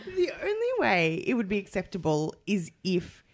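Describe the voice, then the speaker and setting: A woman chatting casually about a film with friends, jokey and animated. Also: mid-range voice, normal speed. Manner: animated, jokey, mock voices. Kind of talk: casual film review chat.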